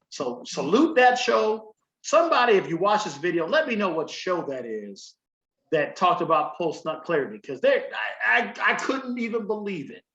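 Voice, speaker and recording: A man co-hosting a podcast in casual chat, telling stories in an animated, swearing, laughing way. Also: fairly high pitch, roomy sound, dull audio. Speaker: podcast co-host.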